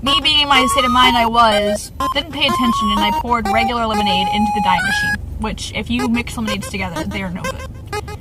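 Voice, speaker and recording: A young woman with a slightly high voice chats through a casual storytime, bubbly and quick to giggle. She acts out her coworkers' lines as she goes, and loud music plays behind her. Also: low-quality recording. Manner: animated, giggly, acts out what people said. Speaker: vlogger telling work stories.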